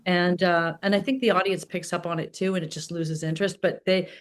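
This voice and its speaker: A middle-aged woman from Canada, an actor chatting as an interview guest, talking in quick restarts and lots of "like". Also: on the low side, fairly even intonation, slight background noise. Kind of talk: casual interview chat.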